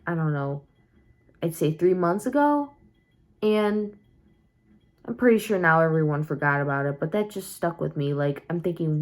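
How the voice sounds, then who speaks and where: A tired young woman vlogging casually from home at night, rambling candidly with many fillers and restarts. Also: fairly low pitch. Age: young adult. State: tired and sleepy. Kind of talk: casual confessional vlog.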